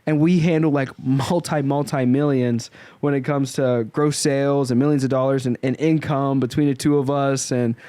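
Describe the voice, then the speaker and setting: A man in his twenties hosting a podcast, telling stories in a lively, casual way and laughing often. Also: medium pitch, moderate pace, no room sound. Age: 20s. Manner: animated storytelling, laughs often. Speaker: podcast host.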